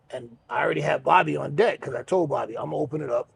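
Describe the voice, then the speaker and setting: Casting: middle-aged male podcast host, deep gravelly fry, slightly high-set voice, loose and profane storyteller. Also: rapid-fire. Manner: relaxed, rambling, swears freely, many fillers. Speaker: podcast host and pro wrestler. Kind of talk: casual storytelling chat.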